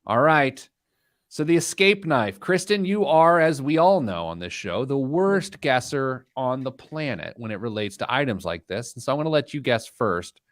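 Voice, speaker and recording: A man's voice: mid-range voice, normal speed, dry recording, clean studio sound. A man hosting a radio finance talk show in casual chat, joking and telling stories. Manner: joking, animated storyteller. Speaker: show host.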